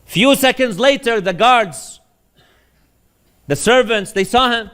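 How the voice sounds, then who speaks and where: A man's voice: very high-pitched, normal speed, pauses often, a bit bright, clear, resonant tone. A man preaching a sermon, telling stories with animation and putting questions to his audience.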